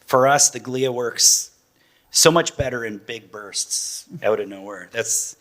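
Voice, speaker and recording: This is a man in his forties, speaking casually as a parent guest on a panel. His voice sits at an ordinary middle pitch, and he talks in a loose, rambling way, breaking into laughs. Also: takes it slowly, a bit bright. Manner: chatty, loose, often laughing.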